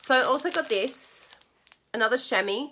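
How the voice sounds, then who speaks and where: Speaking in an Australian accent, a woman demonstrating stamping and crafts chats bubbly and casually with her live-stream viewers and laughs often. Her high-pitched voice is expressive, bright, and forceful, at a moderate pace, with slight background noise.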